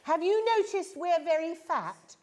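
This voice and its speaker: A woman's voice: very high voice, very animated, a little slow, crowd noise. A woman actress chatting with schoolchildren at a school, in a playful, teasing, self-mocking way. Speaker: actress, visiting guest. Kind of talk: casual chat with schoolchildren.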